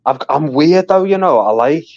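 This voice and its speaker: A man guesting on a live stream chats casually, swearing and laughing often as he tells stories. His fairly high voice has lively intonation, a moderate pace and a darkish tone, with no echo in the dull lo-fi audio.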